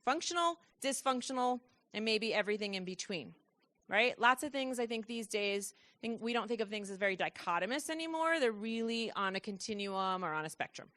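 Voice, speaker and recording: A woman giving a lively presentation to a room of parents, asking the audience questions and acting out children's thoughts in quoted voices. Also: a little high, fairly quick.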